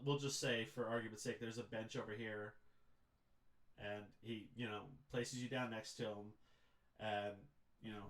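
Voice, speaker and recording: A man narrating as game master in a loose, rambling way with many fillers. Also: lowish voice. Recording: echoey room.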